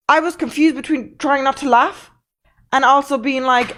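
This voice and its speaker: A woman's voice: high voice, animated, normal speed, fairly bright tone. A woman streamer telling a story in a casual, blunt way, swearing freely and with emphasis.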